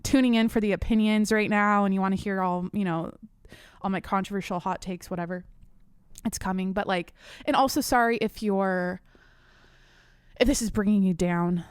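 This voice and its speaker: A woman's voice: medium pitch, clear, resonant tone, no room sound, studio quality. Profane young woman venting on her podcast. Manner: animated, profane venting with frequent restarts. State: slightly out of breath. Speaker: podcast host. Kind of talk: casual ranting monologue. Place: home studio at her desk. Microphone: desk microphone.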